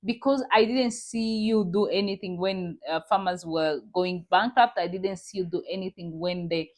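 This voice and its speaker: A woman's voice: fairly low pitch, fairly even intonation, normal speed, darkish tone. A woman hosting a reaction vlog, delivering indignant commentary and repeating her points to her viewers.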